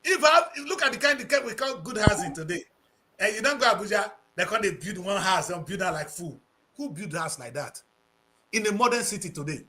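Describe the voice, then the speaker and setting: A Nigerian man speaks in a very high voice that swoops up and down as he holds forth on a breakfast talk show. He sounds passionate and preachy, mixing Pidgin into his English. His tone is bright and forceful. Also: expressive, a little fast. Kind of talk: impassioned talk-show commentary.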